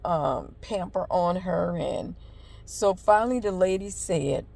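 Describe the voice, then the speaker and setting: A woman's voice: on the low side, vocal fry, dark tone. An older woman tells a heartfelt, rambling personal story and offers faith-based encouragement, with many fillers. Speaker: devotional vlogger. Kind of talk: casual personal testimony with encouragement.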